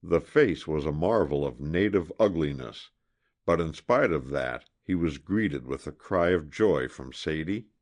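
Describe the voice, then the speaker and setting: A male audiobook narrator with a very low voice, reading a historical adventure with dramatic expression. His pitch moves in a lively, animated way through the prose. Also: a little slow. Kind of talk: scripted narration of a historical novel.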